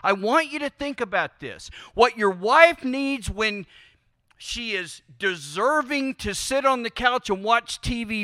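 A man preaching in a high, bright voice, talking to his congregation as if in conversation. He keeps prodding them with questions and stretches out the words he wants to land. The sound is dry and close. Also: animated, measured pace, dry recording. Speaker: pastor. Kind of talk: sermon.

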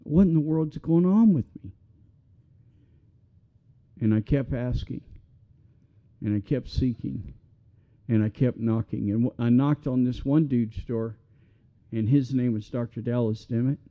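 A man's voice: mid-range voice, unhurried, long pauses, lo-fi sound. Earnest middle-aged male pastor preaching. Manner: earnest, conversational preaching that rises to passionate. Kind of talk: sermon.

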